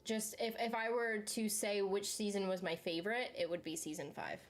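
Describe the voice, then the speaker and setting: Eating as she reacts to a series, a young female channel host speaks at a moderate pace in a mid-range voice with fairly even intonation. Her chat is casual and rambling, heavy on fillers and "like," with frequent laughs.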